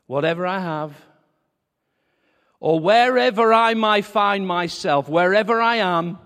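A male preacher delivering a conversational sermon, acting out quoted dialogue with animated swings. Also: sits high, measured pace. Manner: lively, conversational, acts out quotes. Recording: reverberant hall.

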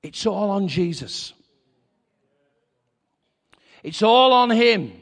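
A male preacher delivering a conversational sermon, acting out quoted dialogue with animated swings. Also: sits high, measured pace. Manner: lively, conversational, acts out quotes. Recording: reverberant hall.

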